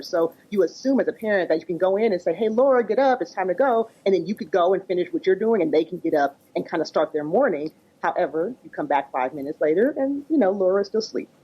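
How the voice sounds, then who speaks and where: A fast-talking woman with a low, husky voice, walking through parenting examples in a podcast interview. She acts out little dialogues and fills her talk with "you know" and "kinda". The audio is dull and lo-fi. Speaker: psychotherapist and parenting coach.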